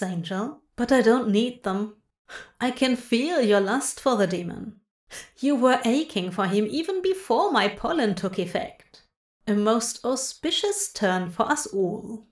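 A woman's voice: fairly high pitch, animated, unhurried, echoey room. A woman voicing a seductive, sly male plant-fey king who murmurs and chuckles knowingly.

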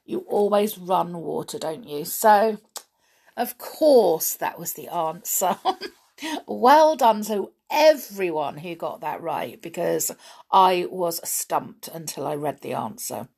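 Woman host for kids, gravelly, husky, lively sing-song pitch, gentle and unhurried. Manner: gentle, slow, with many ums and pauses. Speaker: children's show host. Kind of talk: casual chat to children.

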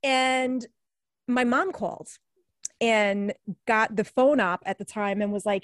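On the high side and slow, this woman's voice comes through with no room sound. She's a former radio newscaster in her forties from the New York area, with the accent to match, appearing as an alumni guest on a podcast and chatting casually, full of fillers and frequent laughter.

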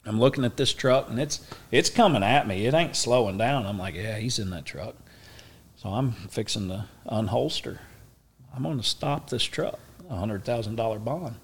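A middle-aged man with an Oklahoma drawl telling a story as an interview guest. His pitch sits in the middle range for a man. He talks in a folksy, animated way and pokes fun at himself. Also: normal speed, slightly rough. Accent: Southern US, Oklahoma. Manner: folksy, animated, self-mocking. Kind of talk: casual storytelling.

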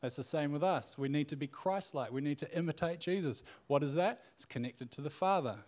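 A man's voice: a little high, brisk, darkish tone. Casual man preaching, loose and conversational. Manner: conversational, with frequent fillers and restarts. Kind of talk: casual sermon retelling a Bible story.

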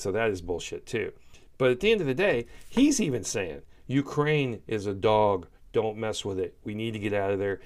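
A man's voice: on the low side, darkish tone. A man giving heated, emphatic political commentary, often repeating himself for emphasis. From United States. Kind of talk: opinionated solo commentary.

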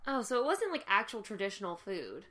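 A woman's voice: medium pitch, big pitch swings, a little fast, a bit bright. A young woman in a casual chat, teasing her co-host and laughing often.

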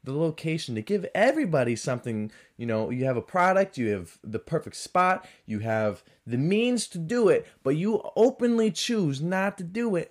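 Animated man ranting on his podcast. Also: a little high, normal speed, hardly any pauses. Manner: animated, swings between loud and muttered asides. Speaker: podcast host. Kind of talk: casual solo rant.

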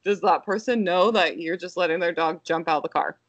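Chatty young mom podcast co-host. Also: female voice, fairly low pitch, a little fast, dry recording. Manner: chatty storytelling with frequent laughs and "like". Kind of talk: casual chat.

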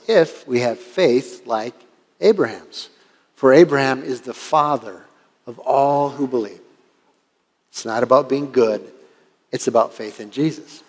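Older man, pastor, conversational sermon, storytelling, hall reverb. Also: mid-range voice. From Washington State, USA.

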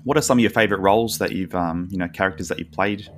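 A man hosting an interview, asking questions in a relaxed way with some hesitations. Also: deep voice, very fast. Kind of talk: casual interview.

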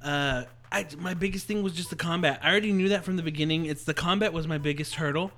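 Somewhat high-voiced man giving opinions. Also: fast talker, pushed and bright. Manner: emphatic, swears for emphasis. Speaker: podcast co-host. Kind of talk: casual chat.

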